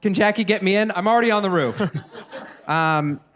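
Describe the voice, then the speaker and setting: A man co-hosting a live podcast on stage, telling a story in an animated way and laughing as he goes. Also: high-pitched, moderate pace. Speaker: podcast co-host. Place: live stage in front of an audience.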